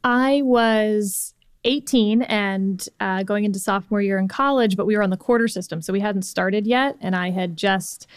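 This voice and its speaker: A woman in her forties from Texas, co-hosting and talking candidly in an animated conversational discussion. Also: mid-range voice, moderate pace, clean tone, no echo, studio quality. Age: 40s. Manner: animated, candid, chatty with many fillers. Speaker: podcast co-host.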